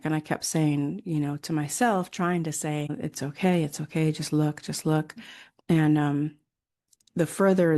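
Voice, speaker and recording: A woman's voice: deep voice, dark tone. A middle-aged woman, a hypnotherapist and former nurse, casually telling personal stories in a rambling way, with many fillers and restarts. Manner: rambling, with frequent fillers and self-corrections.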